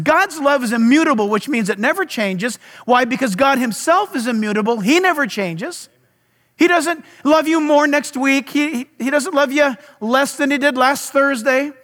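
A man's voice: very high voice, a bit bright, big-room sound. A pastor preaching a sermon at a church service, emphatic, putting rhetorical questions to his audience.

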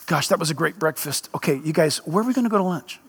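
A man's voice: fairly high pitch, expressive, fast, gravelly, a bit bright, breathy edge, voice pushed down, heavily acted. A man playing a chatty churchgoer who rambles about his next meal. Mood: eager. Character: male food-loving churchgoer planning meals.

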